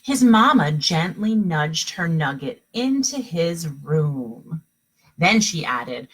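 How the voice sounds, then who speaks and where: Woman teacher, storybook read-aloud at home; lively, unhurried, slightly husky. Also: low voice, rough recording. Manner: expressive storybook reading, pausing to explain to children. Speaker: kindergarten teacher. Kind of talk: reading a picture book aloud to children.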